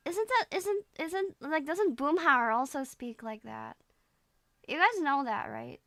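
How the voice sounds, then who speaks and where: Bright, high-voiced giggly woman streamer. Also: big pitch swings, slow, no echo, studio quality. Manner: giggly, chatty, reacting. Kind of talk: casual live-stream chat.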